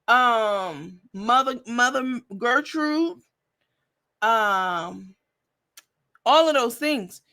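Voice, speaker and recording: A woman's voice: fairly high pitch, pushed and bright. A woman hosting a commentary stream in a blunt, profane, sassy manner. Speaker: host. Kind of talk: commentary vlog.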